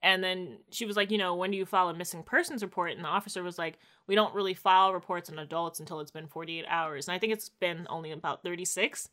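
A woman casually recapping a TV episode as podcast co-host, slangy and expressive, voicing characters' quotes. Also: lowish voice, fast, few pauses.

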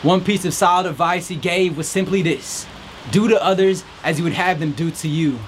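His voice is high and his speed normal, with slight background noise. Out in a rainstorm with faint music playing, this podcast host delivers an upbeat, preachy faith-based pep talk, slipping into a mock reporter voice at times.

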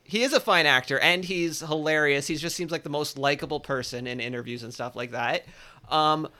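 A man in an easygoing movie podcast, earnest and animated as he tells stories. His voice sits a little high and sounds clear and resonant. His tone is bright and sharp. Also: a little fast. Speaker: podcast co-host. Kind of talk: casual movie review chat.

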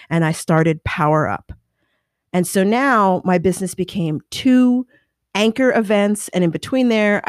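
A woman who runs her own business and speaks to motivate others, telling her story in a lively way and acting out the people she quotes. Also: on the low side, no room sound, studio quality. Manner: animated, acts out quoted voices, restless self-correcting. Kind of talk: personal storytelling talk.

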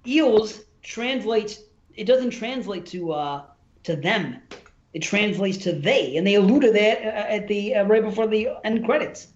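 Casual male podcaster, high pitched, halting and excitable, roomy muffled recording. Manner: excited, halting restarts, says "dude". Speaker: podcast co-host. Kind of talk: casual film review chat. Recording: echoey room, dull lo-fi sound.

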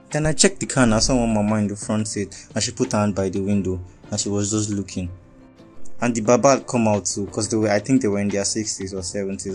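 A young man with a Nigerian accent telling a wild personal story in a lively, profane way, dropping into Pidgin and Yoruba. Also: lowish voice. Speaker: vlogger. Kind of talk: casual storytelling.

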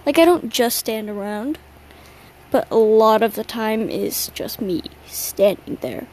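Young woman, podcast host, sleepy, rambling slangy chat, slow-paced, mellow tone, faint background noise. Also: a little high, lively intonation, poor audio. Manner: rambling, slangy and self-mocking, yawning between thoughts. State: tired late at night. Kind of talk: casual solo chat.

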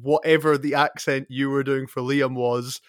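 A man co-hosting a podcast, amused, making slow casual remarks. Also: medium pitch, little pitch movement, no echo, clean studio sound. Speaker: podcast co-host. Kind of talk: casual banter.

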